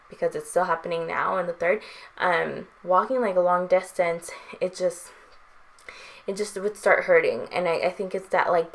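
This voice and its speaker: Young female vlogger, lower pitch, loose conversational delivery full of fillers and small laughs. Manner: chatty, frequent "um" and "like", light laughs. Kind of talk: casual chat.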